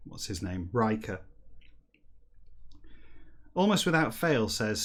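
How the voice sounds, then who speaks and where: A man's voice: lowish voice, expressive. A man hosting a comedy stream, rambling wryly between stretches of reading a book backwards aloud. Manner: chatty, rambling and wry, breaking into silly slow-read dialogue. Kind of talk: livestreamed comedic reading and chat.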